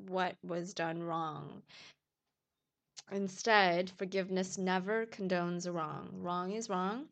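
A woman giving a church talk, a little flustered, with fillers and light laughter. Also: lowish voice. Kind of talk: casual sermon talk.

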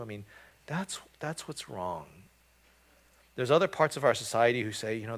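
A man's voice: medium pitch, lively intonation, normal speed, pauses often. Earnest male preacher with surging emphasis. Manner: earnest preaching with rising, emphatic bursts and frequent restarts. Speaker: pastor. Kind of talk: sermon.

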